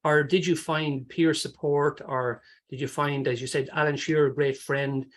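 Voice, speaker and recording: A man hosts a webinar interview, asking long, encouraging questions. His voice sits a little high. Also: flat delivery, normal speed. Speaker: host.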